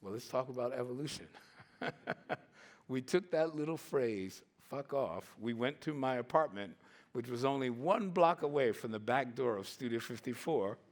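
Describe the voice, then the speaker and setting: A man in his sixties telling stories on a conference stage in a lively way, acting out the voices and laughing often. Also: medium pitch, normal speed. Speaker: conference speaker. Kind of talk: storytelling talk.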